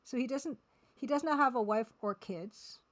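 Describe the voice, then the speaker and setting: A woman streaming a game live, talking casually and haltingly as she sounds out words one by one. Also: fairly high pitch.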